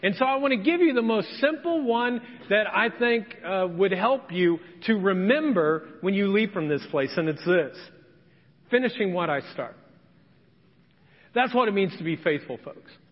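A man's voice: high voice, animated, normal speed. A pastor from Indiana preaching a conversational sermon, acting out the voices of people he quotes. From Indiana, USA. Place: church sanctuary. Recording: echoey hall, dull lo-fi sound.

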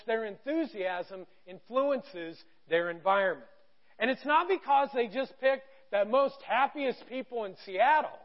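High-voiced male pastor preaching. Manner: storytelling, animated quoted voices. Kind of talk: sermon. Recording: dull lo-fi sound.

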